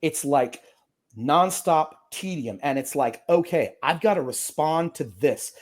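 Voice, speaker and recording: A man's voice: fairly high pitch, animated, unhurried. A man, an attorney guest on an interview podcast, talking casually in a rambling way with many fillers and restarts.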